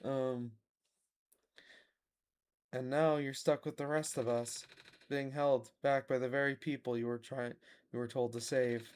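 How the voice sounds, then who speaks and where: A man voicing a gentle, lost child from another world, reading the game dialogue aloud in a soft, subdued way. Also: medium pitch, level tone, measured pace, long pauses, smooth, voice pushed down, natural voice. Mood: sorrowful.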